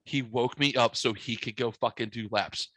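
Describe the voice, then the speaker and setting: A man hosting a casual podcast, telling a story with lots of swearing and acting out his own yelling. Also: medium pitch, fairly even intonation, moderate pace, no echo. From United States. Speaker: podcast host.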